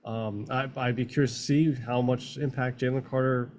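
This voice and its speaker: A man's voice: mid-range voice, steady tone, moderate pace, a little mellow. A man with a Pennsylvania accent co-hosting a casual game watch-along, making laid-back remarks. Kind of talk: casual chat.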